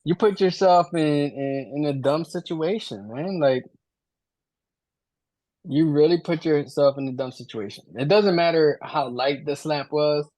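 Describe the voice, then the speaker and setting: A man's voice: a little high, a little slow, a little mellow, no echo. A man co-hosting a casual sports podcast in a laid-back, joking way. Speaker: podcast co-host.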